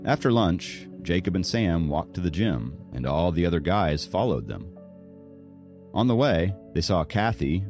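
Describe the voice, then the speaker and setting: A deep-voiced man narrating a novel in an audiobook. His delivery is expressive and lively, rising and falling through the story, with faint music running underneath. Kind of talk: scripted narration.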